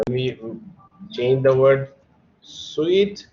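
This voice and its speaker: A man's voice: medium pitch, slow. A man teaching an online grammar class, explaining patiently and spelling words out letter by letter. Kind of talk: online English grammar lesson. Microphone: computer mic on a video call. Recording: dull lo-fi online call audio.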